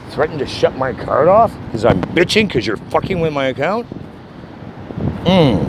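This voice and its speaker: A man making an angry call to a bank, shouting and swearing constantly. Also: fairly high pitch, big pitch swings, normal speed, background noise. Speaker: caller.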